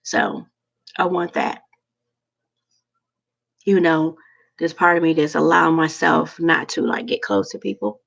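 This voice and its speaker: A woman talking to her viewers in a rambling, halting, heartfelt way about prayer and loneliness. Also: low-pitched, little pitch movement, gravelly, lo-fi sound. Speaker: vlogger. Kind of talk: casual heartfelt monologue.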